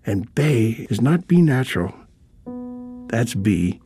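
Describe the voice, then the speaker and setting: A man hosting a classical music radio program, explaining in a scripted, patient way and spelling out letters slowly. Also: fairly low pitch, sing-song, a little mellow, husky, no echo.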